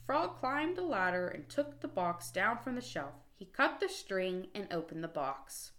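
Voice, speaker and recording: A woman reading children's stories aloud in a slow, expressive, clearly paced way. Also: mid-range voice. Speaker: storybook reader. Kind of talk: children's story read-aloud.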